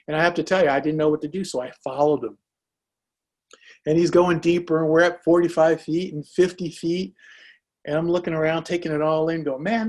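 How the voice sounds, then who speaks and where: Brief: male motivational speaker, husky, slightly higher voice, storytelling with acted-out quotes. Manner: animated, acts out quoted thoughts. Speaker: business speaker.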